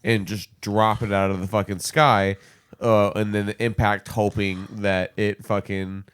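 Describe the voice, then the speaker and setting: Laughing, profane podcast co-host. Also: male voice, lowish voice, flat delivery, measured pace, clean tone. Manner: laughing, profane banter with silly character voices. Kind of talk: casual comedic chat.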